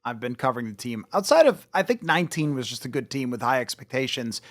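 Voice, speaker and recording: A man's voice: mid-range voice, lively intonation, quick pace, fairly bright tone, dry recording, clean studio sound. A man hosting a casual sports podcast, talking animatedly and slipping into mock voices when he quotes fans. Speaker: podcast host.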